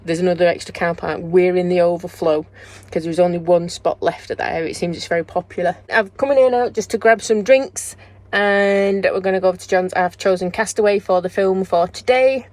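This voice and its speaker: A woman's voice: on the low side, fairly even intonation, brisk, a little mellow, no room sound. Chatty middle-aged woman vlogging. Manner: chatty and jokey, laughs often. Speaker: travel vlogger. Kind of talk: casual vlog chat.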